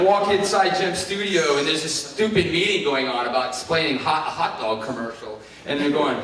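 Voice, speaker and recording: A middle-aged man from Ohio giving a keynote talk, telling his story with lively acted-out quotes. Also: on the high side, a little fast, hardly any pauses. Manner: animated, acts out quoted voices. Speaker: keynote speaker. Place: large conference hall. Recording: echoey hall, heard from far off.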